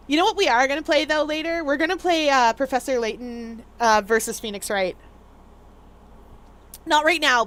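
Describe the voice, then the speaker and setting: On a gaming livestream, a young adult woman streamer chats casually and ramblingly with her viewers, using lots of fillers. Her voice is high-pitched and fairly bright.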